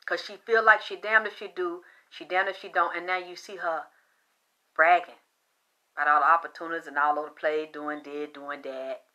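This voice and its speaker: Her voice sitting low and her pace moderate, this video host rambles through a conspiracy story in an animated, conspiratorial manner, alternating loud and quiet moments.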